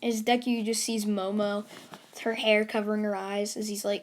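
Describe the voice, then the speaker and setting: A woman's voice: medium pitch, flat delivery, moderate pace, a little hiss or hum. A woman casually narrating an anime fan story, rambling with many fillers. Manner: rambling, filler-heavy, giggly asides.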